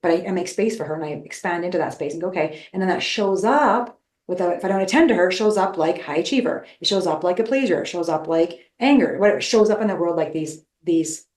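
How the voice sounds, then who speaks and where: Fast-talking woman in an echoey room. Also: on the low side. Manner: animated, acts out her inner voice. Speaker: relationship expert guest. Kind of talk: casual podcast conversation.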